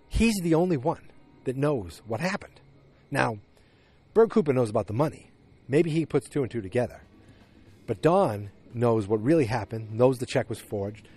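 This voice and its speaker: A man's voice: medium pitch, a little mellow, slightly rough. A man hosting a podcast, retelling a TV episode in a casual, meandering way with many restarts and fillers. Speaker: podcast host recapping a TV episode. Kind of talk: casual recap monologue.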